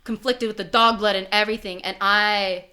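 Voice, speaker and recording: A young woman from Canada voices her character at the table with a bright, forceful tone. She rambles fast through "like" and swears freely. Her pitch sits in the middle of the normal range. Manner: animated, swearing, rambling with many "like"s. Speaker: player. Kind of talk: in-character tabletop role-play.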